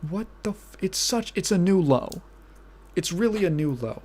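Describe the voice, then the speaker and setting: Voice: medium pitch, lively intonation, normal speed, darkish tone, slight background noise. A podcast host ranting casually, outraged and incredulous, swearing and repeating phrases with bursts of laughter.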